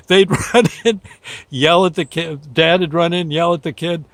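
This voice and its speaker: A man's voice: on the high side, fairly bright tone, no room sound. An older man, a show host, telling a rambling folksy story, often laughing and briefly acting out the people he quotes. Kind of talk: casual storytelling.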